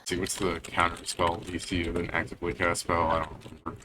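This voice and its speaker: A man's voice: deep voice, monotone, quick pace, background noise. A man running a tabletop game as game master, casual and profane, making rulings on the fly.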